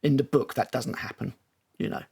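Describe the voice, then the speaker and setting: A British man hosts a casual film chat, walking through scenes in a loose, rambling way. His voice is a little husky and sits at a middling pitch. He fills pauses with ums and restarts his sentences. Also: darkish tone. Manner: rambling, recaps scenes with many fillers. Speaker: film review host. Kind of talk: casual podcast discussion.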